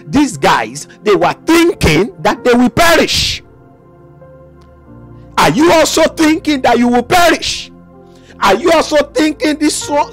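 A man preaching in a sing-song, impassioned style and leading shouted prayer chants. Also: extremely high pitch.

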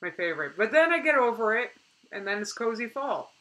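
A young woman chatting casually on a live stream, reading out viewer comments in an animated way and laughing often. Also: a little high, fairly quick, rough recording.

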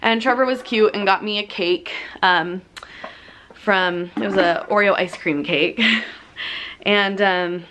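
A woman's voice: mid-range voice, slow, fairly bright tone, slight background noise. A young woman chatting casually to her camera at home, giggly and apologetic as she catches viewers up. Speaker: family vlogger. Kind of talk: casual vlog chat to camera. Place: at home indoors.

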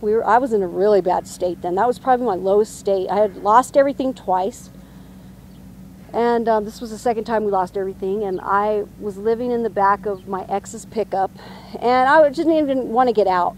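A woman earnestly telling a personal testimony, halting with many restarts and ums. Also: fairly high pitch, a little mellow, a little hiss or hum.

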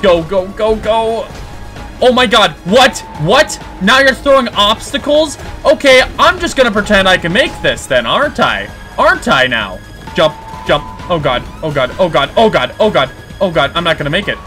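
A man hosting a horror game playthrough, talking casually and reacting loudly, yelping at scares and grumbling when frustrated. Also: sits high, animated, moderate pace, faint music behind. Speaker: gaming video host. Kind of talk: let's play commentary.

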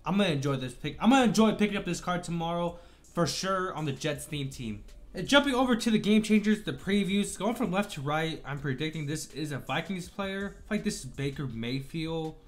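A man with a slightly high voice gives casual video game commentary for his channel. He talks in a chatty, upbeat way and apologizes for small slips, fighting off the hiccups. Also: expressive, brisk. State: has the hiccups. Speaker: gaming channel host.

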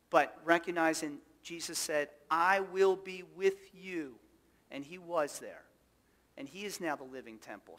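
A man's voice: fairly high pitch, a bit bright, in a large hall. A male pastor delivering a sermon, emphatic and full of rhetorical questions to the congregation. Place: church sanctuary.

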